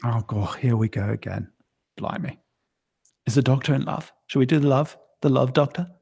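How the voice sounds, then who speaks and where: A man's voice: medium pitch, moderate pace, creaky, warm tone, husky. A man hosting a casual livestream, rambling and jokingly teasing his co-host. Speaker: streaming show host.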